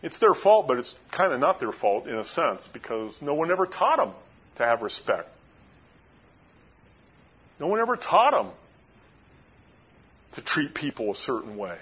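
A man preaching a sermon as pastor, emphatic, swinging between raised and hushed delivery. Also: mid-range voice, very animated, moderate pace, pauses often, slightly rough, highs cut off.

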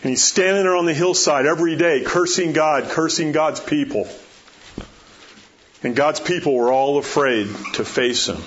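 A man's voice: on the high side, moderate pace, a bit bright. A man pastor preaching a sermon, emphatic and storytelling, repeating rhetorical questions. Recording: dull lo-fi recording.

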